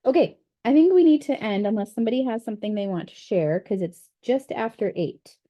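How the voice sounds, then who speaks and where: A woman's voice: a little high, animated, a little fast, dark tone. A woman leading a book study group over a video call, talking in a chatty, candid way with frequent fillers. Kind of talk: casual group discussion.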